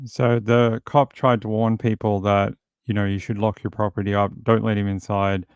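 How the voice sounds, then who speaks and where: This true crime host has a lowish, smooth voice with a level tone and normal speed, recorded with no room sound. He rambles wryly and casually over news clips, putting on silly voices to mimic the people featured.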